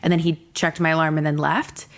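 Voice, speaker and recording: A woman's voice: deep voice, little pitch movement, fairly quick. A young woman hosting a podcast, telling a personal story candidly and emotionally, swearing freely. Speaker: podcast host.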